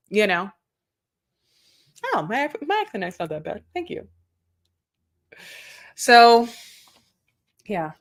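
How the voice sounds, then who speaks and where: A woman host chatting casually as she recaps reality TV. She rambles, talks in circles and swears. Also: medium pitch.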